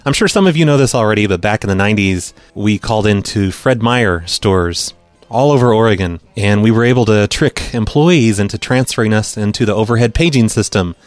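A man's voice: fairly low pitch, brisk, dry recording. A middle-aged man hosting a podcast, chatting casually about pranks and reacting to voicemails with dry, sarcastic asides. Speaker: podcast host.

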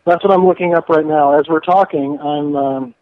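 Guy on a business phone call, fairly high voice, polite and hesitant. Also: steady tone, normal speed, no room sound. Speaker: bail bondsman on phone.

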